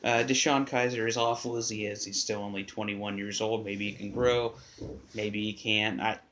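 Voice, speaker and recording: A man's voice: on the low side, steady tone, normal speed, fairly bright tone, slight background noise. A man hosting his own sports podcast from his basement, talking casually and bluntly, swearing and muttering to himself as he fiddles with his setup. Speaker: podcast host. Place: home basement.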